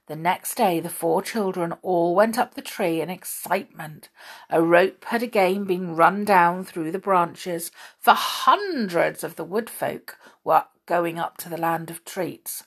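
Brief: female storyteller, slow, gentle children's book reading. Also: lowish voice, husky.

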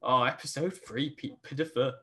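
Young podcast co-host, bright tense voice, teasing and casual. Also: male voice, medium pitch, steady tone, moderate pace, a little hiss or hum. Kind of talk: casual chat.

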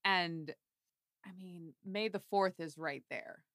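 A woman co-hosting a fan podcast, excitable and laughing often in casual chat. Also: on the low side, slow, dry recording, studio quality. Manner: excitable, laughs often, lively ups and downs. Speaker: podcast co-host.

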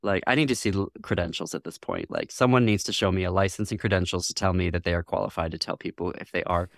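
A man's voice: low-pitched, quick pace, creaky, no room sound, studio quality. A man from Michigan as a guest in an interview, speaking thoughtfully, laughing often and acting out what others said. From Northwest Lower Michigan, US. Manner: thoughtful, laughs often, acts out quoted voices. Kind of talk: reflective interview conversation.

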